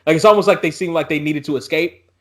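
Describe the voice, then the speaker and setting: A man co-hosting a podcast, telling profane jokes in animated, casual chat. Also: fairly high pitch, fast. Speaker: podcast co-host.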